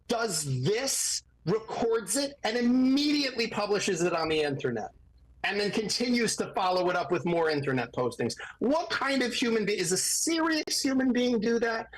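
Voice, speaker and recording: A man's voice: high voice, poor audio. A man who works as an attorney, talking as a guest on a podcast and acting out the voices he quotes. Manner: animated, acts out quoted voices. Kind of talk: podcast commentary.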